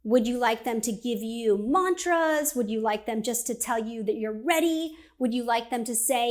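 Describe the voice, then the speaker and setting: A woman giving a conversational motivational talk, energetic and direct, acting out inner voices as she speaks. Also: a little high, moderate pace, few pauses. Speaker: speaker and coach.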